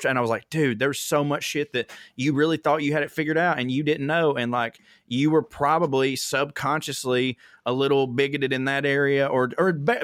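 A young man with a Southern drawl talks loosely in a casual podcast chat. He tells animated stories and swears freely, slipping into voices to act out what people said. His voice sits at a middle pitch, and the recording is close and dry. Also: dry recording. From American South. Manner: animated storyteller, swears freely, acts out quotes. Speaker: comedian guest.

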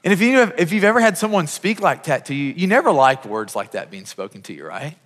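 Pastor, man, 30s, higher voice, earnest sermon with restarts, hall reverb. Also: big pitch swings, fast, fairly bright tone. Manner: earnest, repeats words as he speaks. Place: church hall.

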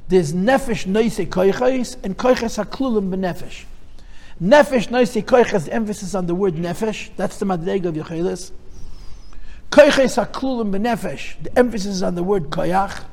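A man with a high voice teaches a lesson on Chassidic texts. He explains step by step and repeats his phrases, working Hebrew and Yiddish terms into English. His voice rings with the long echo of a large hall. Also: a little mellow.

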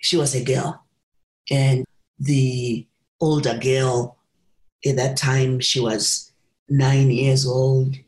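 A woman's voice: a bass voice, flat delivery, drawn-out words, pauses often, darkish tone. A woman guest on a podcast earnestly telling a personal story and repeating phrases for emphasis. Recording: roomy echo.

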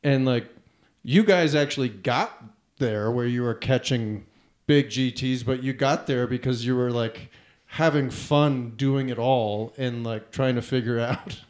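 A man's voice: medium pitch, measured pace. Male podcast host, casual chat, rambling, restarts mid-sentence, mid-range voice. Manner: loose and rambling, many restarts. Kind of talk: casual conversation.

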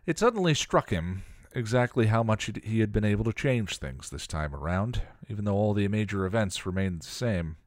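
Deep-voiced man narrating a story. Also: animated, fairly quick, few pauses, no echo, studio quality. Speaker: story reader. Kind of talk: narrating fan fiction.

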